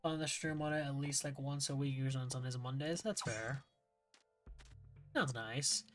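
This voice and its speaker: A man's voice: mid-range voice, normal speed, fairly bright tone, soft background music. A young man streaming a game, chatting casually, rambling and swearing often as he gets frustrated. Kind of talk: casual gaming livestream chat.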